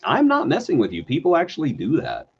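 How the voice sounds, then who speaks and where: A man with a Texan accent, a show co-host in casual chat, playful and quick to slip into silly voices. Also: a little high, huge pitch swings, vocal fry, highs cut off, crowd noise. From Texas. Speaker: podcast co-host.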